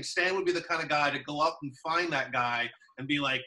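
A man's voice: fairly high pitch, fairly quick, pushed and bright, far from the mic, low-quality recording. A man chatting casually, telling a long anecdote with many fillers and restarts. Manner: rambling storyteller, many fillers. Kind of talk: casual chat.

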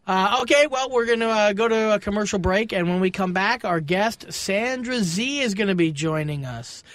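High-voiced wisecracking man host. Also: lively intonation, normal speed, a bit bright, dry recording. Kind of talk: casual comedy podcast banter.

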